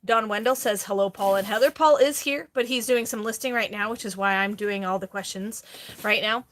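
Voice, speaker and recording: A middle-aged woman hosting a casual live stream, chatty and quick to laugh as she reads viewer comments aloud. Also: mid-range voice, a bit bright. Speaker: host, online reseller.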